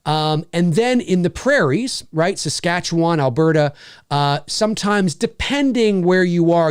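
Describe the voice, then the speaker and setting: A talkative middle-aged Canadian man hosts a laid-back Q&A, his voice sitting a bit high and swinging lively up and down. He rambles, laughs easily and keeps checking in with "you know what I mean?". The sound is dry and close. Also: normal speed, clear, resonant tone, dry recording. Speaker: livestream Q&A host. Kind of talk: casual chat answering viewer questions.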